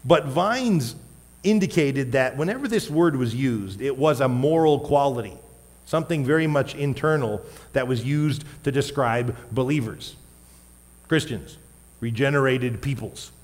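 A man preaching a sermon as a pastor, wearing a microphone, emphatic, with loud stressed words and quiet asides. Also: medium pitch, animated, unhurried. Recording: long hall reverb.

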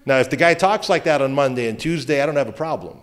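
A male pastor giving a sermon in a conversational manner, with joking asides and quick self-corrections. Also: medium pitch. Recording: long hall reverb.

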